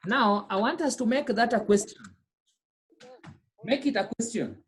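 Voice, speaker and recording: A woman's voice: fairly high pitch, a little slow, a little hiss or hum. Patient woman teaching French. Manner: explains patiently, repeats phrases, checks understanding with "okay?". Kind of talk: online class lesson.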